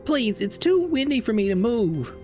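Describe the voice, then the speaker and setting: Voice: medium pitch, big pitch swings, normal speed, a little mellow, soft background music, pitched above the performer's own voice, lightly acted. A streamer voicing a frightened young boy in a video game who was blown away by the wind, pleading for help.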